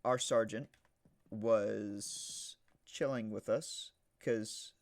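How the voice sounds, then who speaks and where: A man's voice: lowish voice, drawn-out words. Rambling young man telling a story. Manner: rambling, animated, shouts quoted punchlines. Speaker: streamer. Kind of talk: casual storytelling while gaming.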